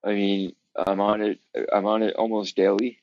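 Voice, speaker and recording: A man's voice: lowish voice, little pitch movement, normal speed, no echo, dull audio. A man hosting a casual chat, talking earnestly and reassuringly and often calling the other person "man".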